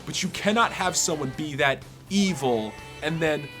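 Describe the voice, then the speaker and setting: A young man reviews TV in a sarcastic, ranting vlog. His pitch swings widely as he mocks and gushes, and faint music sits underneath. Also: expressive, normal speed, hardly any pauses, fairly bright tone. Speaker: video reviewer and host.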